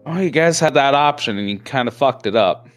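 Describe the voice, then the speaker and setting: A man's voice: mid-range voice, expressive, a little fast, soft background music. A man running a tabletop game as game master, narrating the scene with many fillers and self-corrections.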